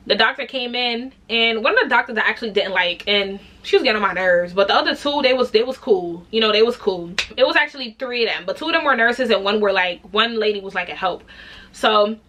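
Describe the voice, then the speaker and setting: A young woman telling a story in a casual vlog, animated and candid, swearing freely and acting out other people's voices. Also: on the high side, fairly quick. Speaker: vlogger.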